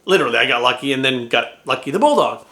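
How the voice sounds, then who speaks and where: A man's voice: mid-range voice, fast. Middle-aged guy rambling thru a story, swears a lot, roomy echoey room. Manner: rambling, animated, acts out quoted voices, swears. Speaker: vlogger. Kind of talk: casual storytelling. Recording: roomy echo.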